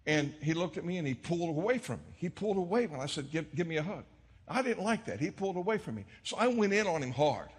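A middle-aged male pastor preaching a sermon, telling stories and swinging from hushed tones to shouts. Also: a little high, big pitch swings, quick pace, breathy edge, long reverb tail. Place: church sanctuary.

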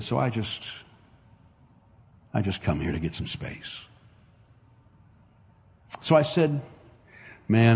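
A man preaching a sermon with an animated storyteller's delivery, jumping into the voices of the people he describes. His voice sits at an ordinary pitch for a man. The sound carries a long reverb from a large hall. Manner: animated storyteller acting out dialogue. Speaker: pastor.

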